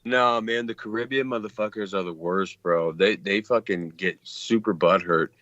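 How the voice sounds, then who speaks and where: A man's voice: fairly low pitch, moderate pace, fairly bright tone, no echo, highs cut off. A man with a Texan accent chatting loosely on a call, swearing freely. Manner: loose, profane, talks over others. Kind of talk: casual chat.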